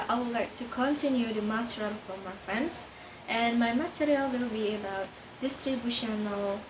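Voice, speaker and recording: Young woman presenter, slightly high voice, noisy recording. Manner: reads notes, then imitates example sounds. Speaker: student presenter. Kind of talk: class presentation on accents. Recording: noticeable background noise.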